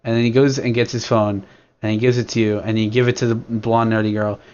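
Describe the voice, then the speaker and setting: A man's voice: on the low side, flat delivery, fairly quick, darkish tone, clean tone. A young man hosting a casual podcast, rambling and crude, full of fillers and restarts as he walks through something step by step. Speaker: podcast host. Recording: dull lo-fi recording.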